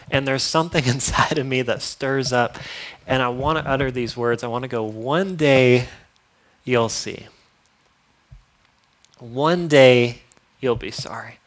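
Male preacher, mid-pitched, earnest sermon delivery with wry sarcastic asides, punchy loud emphasis dropping to hushed lines. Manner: earnest, with playful sarcasm and chuckles.

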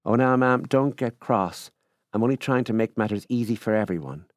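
A man putting on a genial middle-aged farmer, raised a good bit above the reader's own deep tone, louder and pushier, with a dry close sound. he coaxes and wheedles in a folksy country way and never lets up. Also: normal speed, dry recording, lightly acted. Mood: placating. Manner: coaxing, folksy, repeatedly says ma'am.

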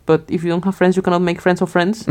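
A woman's voice: fairly low pitch, warm tone. A woman co-hosting a podcast, chatting casually with lots of laughter and rambling fillers. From outside Germany. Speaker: podcast co-host. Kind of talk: casual chat.

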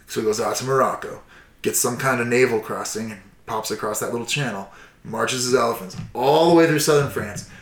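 Casting: male storyteller, loose and profane, lively delivery, mid-pitched, recorded with roomy echo. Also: a little fast. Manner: profane, animated, acts out shouts and quotes. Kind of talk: casual history storytelling.

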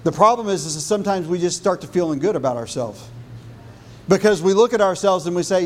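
A man preaching a sermon as pastor, building on repeated phrases and dropping low and soft for emphasis. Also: animated, quick pace.

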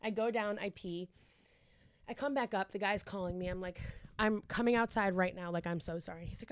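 A woman's voice: medium pitch, fast talker, no room sound. Give me a young woman telling a rambling story, dry room. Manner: rambling, swears freely, acts out quotes. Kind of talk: casual storytelling chat.

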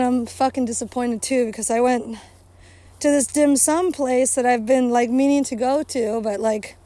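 A woman's voice: sits high, a little mellow, no echo. A woman hosting a casual podcast outdoors, venting bitterly with constant profanity and breaking off to scold her dog. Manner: profane, bitter venting, talks to herself and the listeners. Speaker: podcast host. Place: outdoors near a cow pasture, walking a dog.

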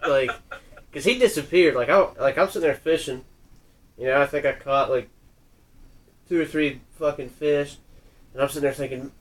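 A man's voice: a little high, normal speed, pauses often. A man casually telling a rambling, profane story, with lots of fillers. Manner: loose and profane, many fillers. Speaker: podcast co-host.

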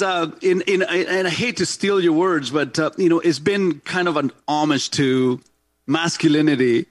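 Casting: middle-aged male host, rambling and jokey, slightly high voice, dry close studio sound. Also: moderate pace, no room sound. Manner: loose, rambling, laughs often. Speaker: podcast host. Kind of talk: casual talk-show chat. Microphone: studio mic.

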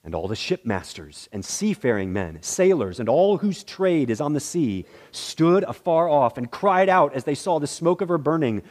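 A male pastor reading scripture aloud in a worship service, measured and expressive, with rising exclamations. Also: mid-range voice. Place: church sanctuary.

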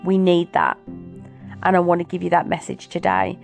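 A woman's voice: lowish voice, level tone, normal speed, creaky. A middle-aged woman talking earnestly and encouragingly as host of a motivational talk. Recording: soft music behind.

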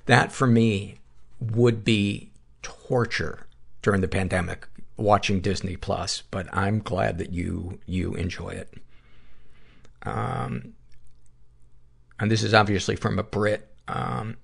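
Man, middle-aged, low-pitched, gravelly, podcast host reading listener notes, wry asides. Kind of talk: reading listener submissions aloud.

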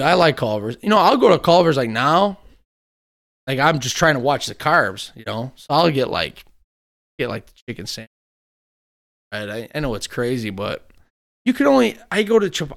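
A man in casual chat, telling long animated stories and swearing freely. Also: on the high side, moderate pace, vocal fry.

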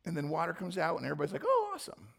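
A man preaching a sermon with a hoarse voice, reading scripture and acting out the people's complaints in sudden loud, high bursts. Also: steady tone, very fast. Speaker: pastor.

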